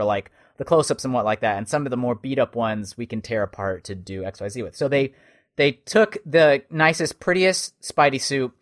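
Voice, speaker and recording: A man in relaxed, casual conversation, mid-pitched and steady. He rambles through long thoughts, restarting phrases and stacking fillers as he goes. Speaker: podcast co-host, Spider-Man performer and suit builder. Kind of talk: casual chat.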